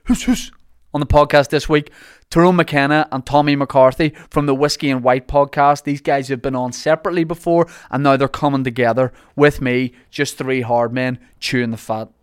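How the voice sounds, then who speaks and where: Joking podcast host. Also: male voice, mid-range voice, steady tone, smooth, dry recording, clean studio sound. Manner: jokey, teasing, quick asides. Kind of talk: casual podcast banter.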